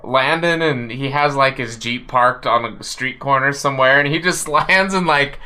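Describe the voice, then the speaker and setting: A man with a bright, forceful voice co-hosting a casual podcast. He rambles excitedly, packing his talk with "like". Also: mid-range voice, normal speed, clear, resonant tone. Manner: excitable, many "like" fillers. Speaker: podcast co-host. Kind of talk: casual chat.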